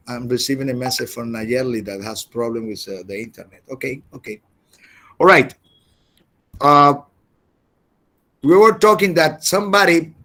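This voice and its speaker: A man teaching an English class over a video call, halting and often repeating words as he explains. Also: medium pitch, a bit bright. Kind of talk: online class lecture.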